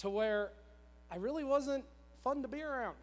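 A man in his thirties with a very high voice preaches a sermon in a church at normal speed. He tells a personal story in a conversational, repetitive, self-deprecating way, and the recording carries long church hall reverb.

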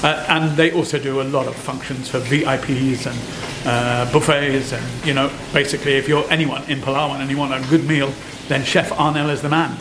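A British man in his sixties hosting a cooking vlog, talking casually and excitedly to his viewers. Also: medium pitch, brisk. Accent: British English. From Britain. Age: 60s. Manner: chatty, excitable, rambling. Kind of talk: casual chat to camera. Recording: echoey room with noticeable background noise.

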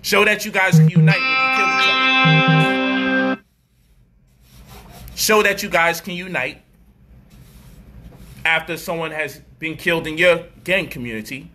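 A man delivering an animated, profane street-style commentary monologue, mocking people and acting out their voices. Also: a little high, measured pace, long pauses, soft background music.

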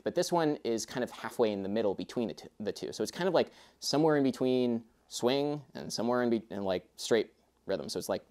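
A man's voice: lowish voice, a little mellow. A young man teaching a music lesson in a casual, chatty way, with rambling asides.

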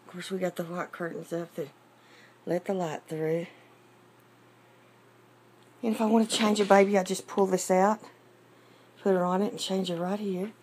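A woman gently and fondly showing her small home nursery in a casual vlog. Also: lowish voice, steady tone, breathy edge. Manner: gentle, fond, unhurried showing. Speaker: doll collector giving a home tour.

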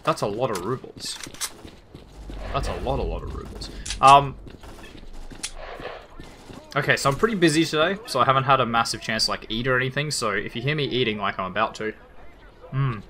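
A man's voice: mid-range voice, expressive, a little fast, pauses often, pushed and bright, a little hiss or hum. A man with an Australian accent giving casual, rambling, lightly profane commentary while playing a video game. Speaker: let's play gamer.

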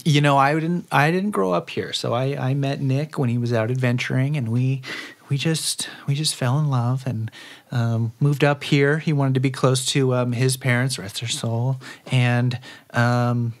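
A man's voice: fairly even intonation, unhurried, natural voice. A man voicing a fussy, doting middle-aged wife who offers stew to guests. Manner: high fluttering put-on voice.

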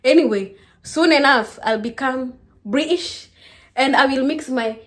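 Young kenyan woman vlogging, kenyan accent, kinda high voice, keeps calling viewers guys. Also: measured pace, fairly bright tone. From Kenya, Kisii. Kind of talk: casual chat to viewers.

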